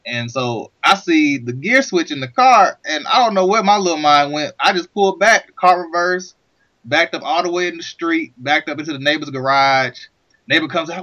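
A man, a podcast co-host, telling a childhood story in casual chat, animated and acting out loud outbursts. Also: fairly high pitch, fairly quick, dry recording. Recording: dull lo-fi sound.

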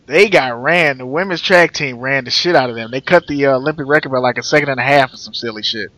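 A man's voice: medium pitch, quick pace, bright, forceful tone, no echo. A man from the United States co-hosting a podcast, teasing and swearing in casual banter. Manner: teasing, profane. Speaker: podcast co-host.

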